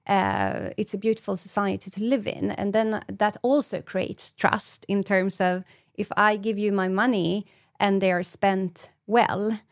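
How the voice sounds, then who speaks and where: A woman's voice: medium pitch, steady tone, unhurried, no echo, studio quality. A woman, a brain specialist explaining ideas in a podcast interview and acting out little example dialogues.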